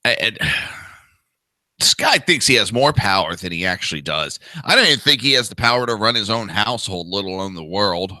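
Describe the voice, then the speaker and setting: A man's voice: on the low side, animated, moderate pace, bright, forceful tone, dry recording. A man in his thirties hosting a talk show, giving crude, profane and sarcastic ranting commentary.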